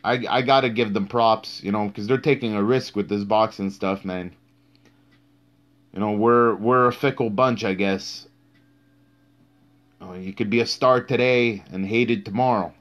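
A man's voice: fairly low pitch, steady tone, unhurried, fairly bright tone. A man hosting a live-streamed boxing talk show, speaking bluntly and cursing heavily for emphasis. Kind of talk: live-streamed casual commentary.

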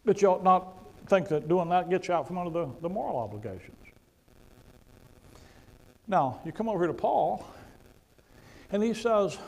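A man preaches to a congregation in a church, his voice pitched a little high with a gravelly edge. He talks in a conversational way and hits points with sudden loud emphasis. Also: lively intonation, moderate pace, long pauses, poor audio. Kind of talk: sermon.

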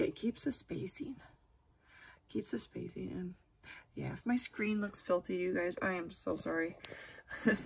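Woman, thirties, slow, gravelly, hesitant, casual home tutorial, faint mouse clicks. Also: mid-range voice, a little mellow. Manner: hesitant, self-deprecating, thinking aloud with many ums. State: has the hiccups. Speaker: crafter demonstrating software. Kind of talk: casual screen-recorded tutorial.

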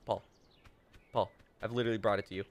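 A man's voice: lowish voice, steady tone, quick pace. A young man doing playful gameplay commentary as a let's play host, teasing and mock-dramatic, talking straight to the game characters.

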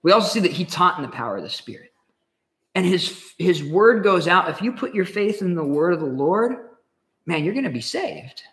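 Lively, slangy male pastor. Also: high voice, normal speed, reverberant. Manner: animated, conversational, slangy. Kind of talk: casual verse-by-verse Bible study. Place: home Bible study group.

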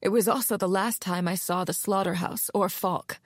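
A hoarse, frightened woman, played by a narrator, her voice pitched high and strained with barely held-back tears. She pleads and spirals into panic, recorded close and dry. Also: steady tone, moderate pace, dry recording, lightly acted. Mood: grieving. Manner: frantic, pleading, rising into panic. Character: terrified, hoarse adult woman haunted by past trauma. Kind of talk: audiobook character voice.

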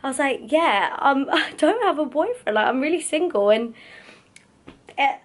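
A woman's voice: high-pitched, animated, moderate pace. A woman, chatting casually and rambling to camera in a vlog. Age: 20s. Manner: chatty and rambling, many fillers. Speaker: makeup vlogger. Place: out and about in London.

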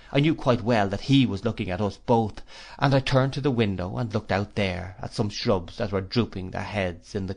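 A man reads a classic novel aloud as an audiobook narrator, measured and expressive, with a medium-pitched voice.

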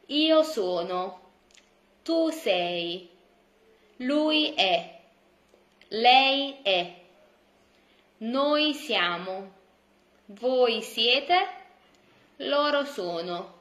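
A woman gives a beginner language lesson at a slow, unhurried pace, in a somewhat high voice. She is patient, repeats each word and stresses the important points. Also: a bit bright. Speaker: Italian language teacher.

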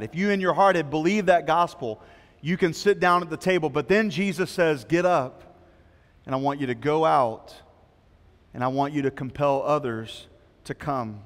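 A man preaching a sermon as pastor, telling a story with quoted voices before an earnest appeal. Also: medium pitch. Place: church sanctuary. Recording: long hall reverb.

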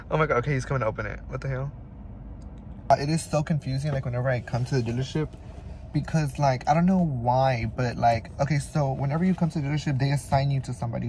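There's a faint hiss or hum behind this young male vlogger, whose voice is medium in pitch. Casually addressing the camera with plenty of sass and swearing, he starts at home before moving to his car and then a dealership.

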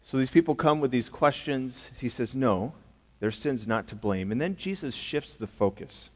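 An animated pastor with a medium-pitched voice preaches at a moderate pace in a church sanctuary, and the recording has long hall reverb. He speaks emphatically and conversationally, often posing rhetorical questions to those listening.

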